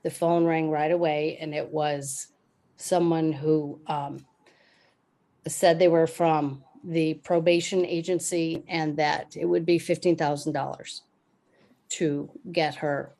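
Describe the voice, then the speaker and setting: A woman giving recorded testimony about a scam, in a slow, deliberate manner. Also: low voice, level tone, creaky, mellow.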